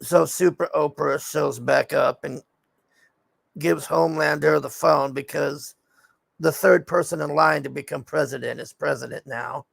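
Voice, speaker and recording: A man with a gravelly, slightly bright voice on the high side rants through a TV show recap at a measured pace and fairly even intonation. He rambles with frequent fillers and swears in frustration, recorded with no room sound.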